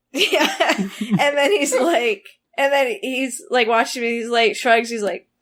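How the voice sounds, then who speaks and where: Woman with a high voice, laughing through a story. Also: slow, a bit bright. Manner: storytelling, breaking into laughter often. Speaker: podcast co-host. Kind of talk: casual chat.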